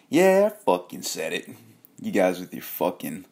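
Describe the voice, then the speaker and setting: A man with a slightly low voice hosting a loose vlog rant. He swears freely, trails off, and keeps correcting himself mid-thought. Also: sing-song, normal speed, a little mellow. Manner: profane, rambling, self-correcting. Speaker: host.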